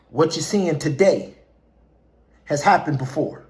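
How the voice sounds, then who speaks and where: A man speaking at an ordinary middle pitch who delivers an impassioned street speech. He talks like a preacher, quoting scripture and driving each point home by repeating the same phrase again and again. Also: unhurried, pauses often. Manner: quotes scripture.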